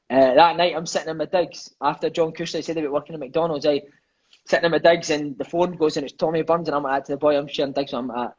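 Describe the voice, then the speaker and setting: A Scottish man in his thirties rattles off his stories at a quick clip, in a slightly high, husky voice. He talks loosely and swears freely. The audio is dull and lo-fi. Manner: lively, swears freely, peppers speech with "mate" and "eh". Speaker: guest, former footballer. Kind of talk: casual storytelling chat.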